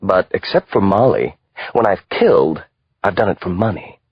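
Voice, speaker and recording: A male audiobook narrator voicing a cold, calculating contract killer who speaks in a calm, hard way. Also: deep voice, normal speed, breathy edge, dry recording, dull audio, heavily acted. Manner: calm, hard, matter-of-fact.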